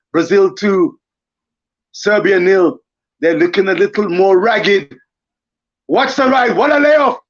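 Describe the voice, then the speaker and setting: High-pitched excitable man, slow delivery. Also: muffled recording. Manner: theatrical, exclamatory, self-aware commentary. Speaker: watchalong commentator. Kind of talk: excited live football commentary.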